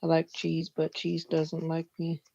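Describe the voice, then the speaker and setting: Chatting casually with her livestream viewers and calling them by name, this host speaks in a low, warm, creaky voice with a totally flat delivery, a little slowly. A mild stuffiness suggests a cold. There's no room sound, just dull lo-fi audio with a faint hiss.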